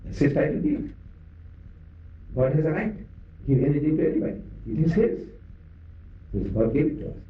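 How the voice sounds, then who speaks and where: A man's voice: fairly high pitch, fairly quick, long pauses. Older South African man preaching in an echoey hall. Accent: South African Indian English. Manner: animated storytelling, acting out dialogue and questioning the audience. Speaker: lecturer. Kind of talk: public religious lecture. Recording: dull, echoey hall recording from far off.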